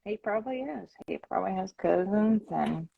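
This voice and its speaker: A woman's voice: medium pitch, animated, normal speed, creaky, breathy edge, no echo. A woman with a Southern US accent chatting casually in an easygoing way. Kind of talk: casual gossip chat. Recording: slightly muffled, dry.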